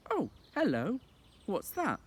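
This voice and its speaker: A man voicing a curious, brisk and confident young boy in an audiobook reading, with a bright, lightly raised boyish voice. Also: mid-range voice, very animated. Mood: puzzled.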